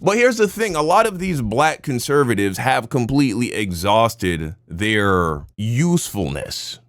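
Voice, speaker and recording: A man's voice: mid-range voice, sing-song, unhurried, fairly bright tone, dry recording, studio quality. A man reacting to clips on a stream, talking bluntly and emphatically, with casual swearing.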